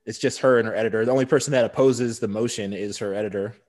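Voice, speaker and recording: A man's voice: lowish voice, fast talker. Man recapping an episode on a podcast. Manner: steady recap, frequent "right" agreements. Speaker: podcast co-host. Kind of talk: casual chat recapping a TV episode.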